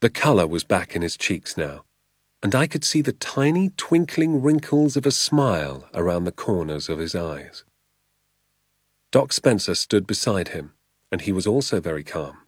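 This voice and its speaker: Low-voiced man narrating a storybook. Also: slightly rough, no echo, clean studio sound. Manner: measured, expressive reading. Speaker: audiobook narrator.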